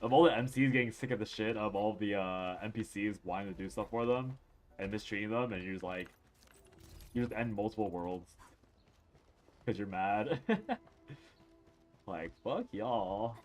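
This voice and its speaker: A man's voice: fairly low pitch, normal speed. A man streaming a game, chatting casually and rambling with jokes, swearing and frequent laughter while tired and yawning. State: sleepy, yawning. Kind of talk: casual live-stream commentary while playing.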